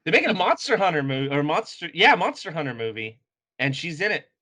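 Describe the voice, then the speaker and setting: A man co-hosting a casual podcast with a bright, forward voice. His pitch swings a lot as he trades jokey asides about comics. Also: sing-song, fast. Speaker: podcast co-host. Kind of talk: casual comic book discussion.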